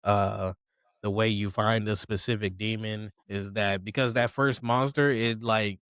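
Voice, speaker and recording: A man's voice: on the low side, steady tone, unhurried, a bit bright, clean tone, dry recording. A man casually recapping an anime episode, acting out characters' lines with profane slang. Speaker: podcast co-host.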